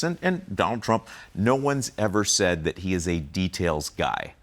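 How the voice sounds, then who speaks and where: Low-voiced man, lively rambling commentary. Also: normal speed, few pauses. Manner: rambling, lots of fillers and restarts. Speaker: political commentator guest. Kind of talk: casual interview commentary.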